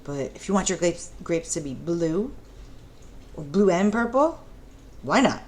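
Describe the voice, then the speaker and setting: A woman teaching a preschool art lesson in a gentle, encouraging way, talking the children through each step and asking them questions. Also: fairly low pitch, big pitch swings, measured pace.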